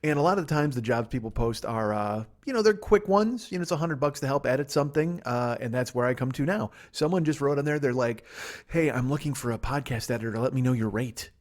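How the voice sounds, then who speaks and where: A middle-aged man from Chicago rattles through a solo podcast monologue at a fast clip, swearing freely and poking fun at himself. He talks into a laptop microphone in a living room, holding back yawns between runs of talk. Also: mid-range voice. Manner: rambling, profane, self-mocking, rushes without pausing. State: stifling yawns. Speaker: podcast host.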